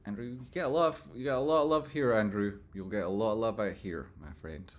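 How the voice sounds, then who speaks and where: Low-voiced Scottish man chatting on a livestream. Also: quick pace. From Scotland. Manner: chatty, swears freely, swings from loud jokey outbursts to soft sincere asides. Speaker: livestream host reading chat. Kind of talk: casual livestream chat.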